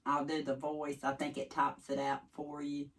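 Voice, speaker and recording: A woman vlogger speaks in a low-pitched, completely flat delivery at a moderate pace. She's from East Tennessee, has a Southern accent, and chats with her viewers in a rambling, folksy way that wanders off track, with her voice a little distant from the mic.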